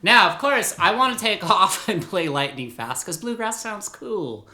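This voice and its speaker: A man's voice: high-pitched, expressive, measured pace, pushed and bright. A man teaching guitar in a casual, rambling, upbeat way, laughing at himself as he goes. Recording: roomy echo with guitar playing.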